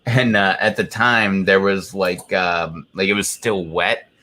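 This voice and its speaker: A man's voice: low voice, steady tone, unhurried, bright, forceful tone. A man chatting casually on a live stream from his home, rambling through a story with lots of fillers. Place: home, indoors.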